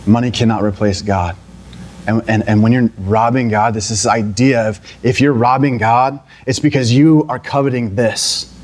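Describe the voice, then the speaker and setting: A man's voice: mid-range voice, steady tone, normal speed, darkish tone. A young adult man preaching a sermon in a conversational way, often restarting and then climbing into emphatic, pleading passages. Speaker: pastor.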